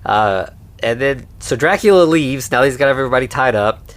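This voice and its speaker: A man's voice: mid-range voice, lively intonation, normal speed. A man co-hosting a podcast, casually recapping a film and acting out the characters' lines. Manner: acts out characters' lines while retelling the plot. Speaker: podcast co-host.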